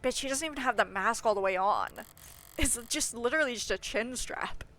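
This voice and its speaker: Bright-voiced woman streaming a story game. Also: fairly high pitch, animated, brisk. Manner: chatty, laughs at her own voices. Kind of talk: livestream commentary while reading a game aloud.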